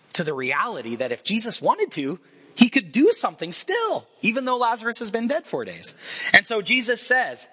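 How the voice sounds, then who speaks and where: A man in his forties preaching a sermon, telling the story with lively acted-out quotes. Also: sits high, slightly rough. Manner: animated storyteller acting out quoted voices. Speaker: pastor.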